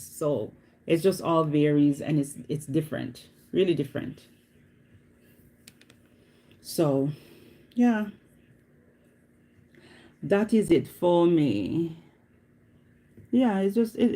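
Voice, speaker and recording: This vlogger's voice is warm, mellow and sits low as she talks casually to her viewers. Her loose, unscripted, easygoing chat rambles and circles back on itself, and she repeats herself, often asking "you know what I mean" to see if you follow.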